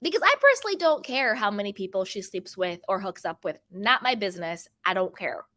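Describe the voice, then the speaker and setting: A woman's voice: mid-range voice, sing-song, fairly quick, pushed and bright. A woman hosting her own channel, giving chatty, emphatic commentary on reality TV gossip and repeating phrases for stress. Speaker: host of a pop culture channel.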